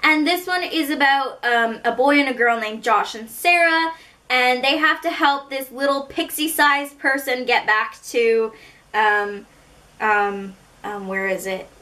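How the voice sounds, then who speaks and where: A woman's voice: sits high, measured pace, bright, forceful tone. A woman from Canada with a Canadian accent, chatting through a book haul in a rambling, self-mocking way. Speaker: book vlogger. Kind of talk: casual book haul chat.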